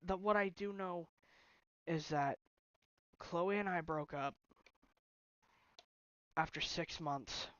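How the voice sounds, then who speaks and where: A young man vents in a personal vlog, frustrated and halting, stumbling through restarts. The recording is dull and lo-fi. The room around him sounds close and dry. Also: fairly high pitch, a bit bright, smooth, dry recording. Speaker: vlogger. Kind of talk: emotional personal vlog rant. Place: bedroom at home.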